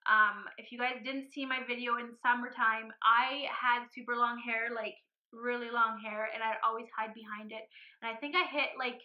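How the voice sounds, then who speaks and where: A woman's voice: fairly high pitch, steady tone, moderate pace. Earnest young woman, slightly muffled vlog. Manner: earnest and emotional, with frequent ums. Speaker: weight loss vlogger. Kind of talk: casual personal vlog.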